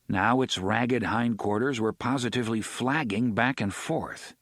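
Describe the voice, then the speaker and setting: A man narrating an audiobook in a steady, measured reading. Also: medium pitch, no room sound, clean studio sound.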